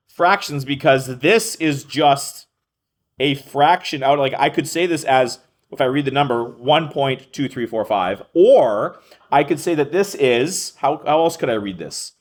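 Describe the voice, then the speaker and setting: Man, math teacher, classroom lesson, thinks out loud, corrects himself, calls on students. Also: fairly high pitch. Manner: thinks aloud, self-correcting, addresses students by name.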